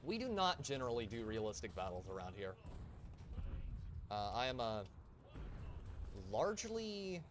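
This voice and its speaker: Chatty male streamer, lively delivery. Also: on the low side, moderate pace, pauses often, noisy background. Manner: chatty, jokey asides to chat. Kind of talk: live gameplay commentary.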